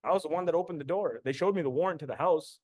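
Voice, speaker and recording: A man's voice: on the high side, very fast, a little mellow, no room sound. A man in his thirties from Canada, telling a personal story as a motivational host in an intense, repetitive way, swearing freely. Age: 30s. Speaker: podcast host and business coach.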